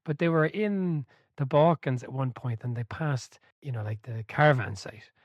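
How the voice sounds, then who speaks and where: A man co-hosts a relaxed podcast chat about a football biography, with a voice in the usual middle range for a man. He tells stories with energy, laughing as he goes and swearing now and then. The sound is dry and close, with no room to it. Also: medium pitch, moderate pace, no room sound, lo-fi sound. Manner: animated storyteller, swears, laughs mid-sentence. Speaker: podcast co-host.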